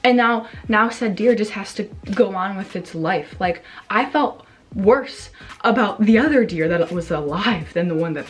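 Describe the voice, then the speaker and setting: A young woman vlogger casually telling a story to her camera, rambling with lots of fillers, swearing and acting out her own reactions. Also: on the low side.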